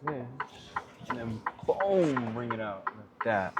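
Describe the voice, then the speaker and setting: A man's voice: medium pitch, big pitch swings, takes it slowly, lo-fi sound, heavy background noise. A man who drives trucks, chatting casually for his vlog in a laid-back, slangy, rambling way while out at a truck yard.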